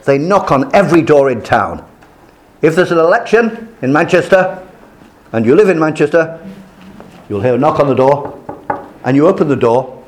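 Lively older man lecturing. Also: fairly high pitch, normal speed, pauses often, slight background noise. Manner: lively, storytelling, acts out quoted voices. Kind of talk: classroom lecture.

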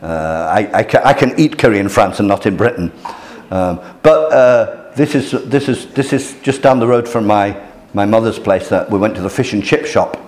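A man's voice: on the low side, normal speed, a little mellow. Hesitant male lecturer in a roomy hall. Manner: hesitant, many restarts and fillers, chuckles at his own jokes. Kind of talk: informal lecture showing photos to a class.

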